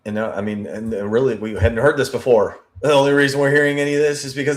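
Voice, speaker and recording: A man's voice: medium pitch, fairly even intonation, fast talker, hardly any pauses. A man giving analytical commentary on interview footage, thinking aloud, correcting himself and repeating key words.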